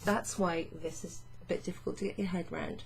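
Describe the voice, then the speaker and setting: A woman teaching French grammar in a patient, chatty way, reading French phrases slowly and explaining them. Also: fairly low pitch, fairly even intonation, vocal fry, husky. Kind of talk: casual explanatory lesson.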